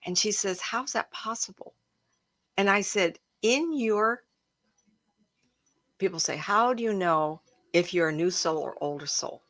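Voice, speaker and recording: A woman with a slightly low voice hosts a casual livestream as a psychic medium. She tells her stories with a lot of feeling, sometimes laughing or gasping along the way. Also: normal speed. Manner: emotional, animated storyteller who laughs and gasps often.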